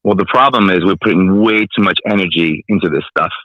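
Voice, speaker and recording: Low-voiced male caller over a dull line. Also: brisk, dry recording. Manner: blunt, opinionated, matter-of-fact. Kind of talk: casual call-in chat. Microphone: phone line.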